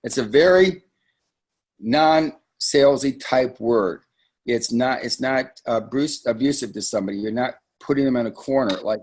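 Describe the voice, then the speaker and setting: Man, husky voice, sales trainer, live team webinar, conversational, emphatic, frequent asides. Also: medium pitch, normal speed, darkish tone.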